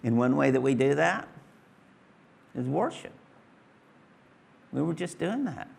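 A man's voice: on the high side, big pitch swings, measured pace, gravelly, breathy edge. A middle-aged man preaching a sermon to his congregation in a folksy, conversational way, repeating his phrases. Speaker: pastor. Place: church hall with congregation.

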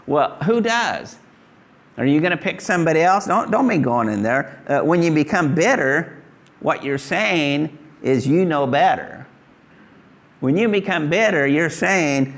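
Man, middle-aged, pastor, sermon, emphatic, gravelly, animated pitch. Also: moderate pace. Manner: emphatic preaching, acts out pleading prayers.

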